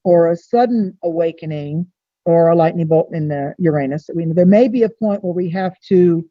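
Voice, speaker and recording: A woman astrologer, a guest on a podcast, talking in a chatty way and acting out bits of dialogue in lively voices. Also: fairly low pitch, normal speed, no room sound, dull audio. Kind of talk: podcast interview.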